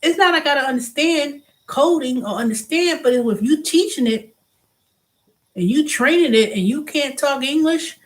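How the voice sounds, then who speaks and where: A woman's voice: high-pitched, normal speed. A middle-aged woman hosting a casual vlog, venting animatedly and often restarting and repeating herself. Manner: animated venting, acts out quoted voices. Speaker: show host.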